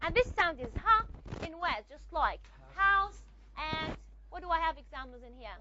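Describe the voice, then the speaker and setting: A woman's voice: very high-pitched, lively intonation, moderate pace, sharp tone, muffled recording, slight background noise. A woman lecturing a class on phonetics, repeating her points and checking that students follow with frequent questions. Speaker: phonetics teacher.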